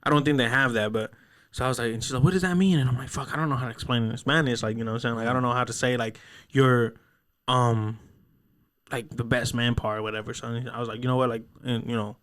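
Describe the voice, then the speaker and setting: A young man hosting a laid-back podcast, telling rambling stories in a mid-range voice. He swears freely and slips into quick impressions of the people he quotes. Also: mid-range voice, flat delivery, fairly bright tone. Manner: rambling storyteller, heavy cursing, acts out voices in quotes. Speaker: podcast host. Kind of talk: casual podcast chat.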